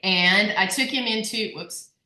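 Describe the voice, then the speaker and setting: A chatty woman hosting a group video call, her voice bright and clear. She sounds upbeat, laughs easily, and talks in an echoey room. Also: mid-range voice, measured pace. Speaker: workshop host.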